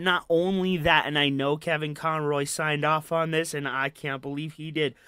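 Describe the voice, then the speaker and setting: A man with a high, bright voice rants on a live stream, swearing and repeating himself as he gets worked up. The sound is dry and close, with faint music underneath. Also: clean tone, no echo. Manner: profane, heated ranting, repeats himself. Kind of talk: casual live-stream chat and rant.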